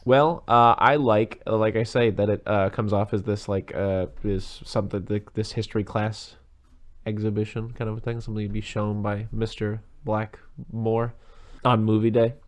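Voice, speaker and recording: A man with a fairly low voice talks through a movie in casual podcast chat. He rambles, drops in plenty of fillers and swears freely. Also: fairly even intonation, normal speed. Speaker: podcast co-host.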